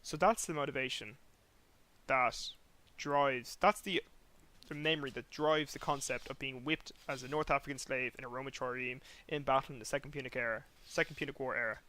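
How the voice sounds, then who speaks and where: A young man hosting a podcast, telling a long rambling story in an animated way, acting out sounds and swearing casually. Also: medium pitch, a little fast. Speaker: podcast host.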